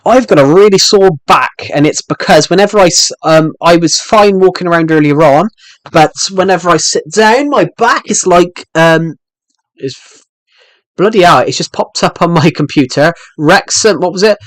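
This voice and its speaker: Young male streamer, hyper and jokey, slightly high voice, dry close mic. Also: moderate pace, dry recording. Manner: hyper, jokey, rambling, answers chat messages. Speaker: live streamer. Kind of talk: casual live-stream chat while gaming.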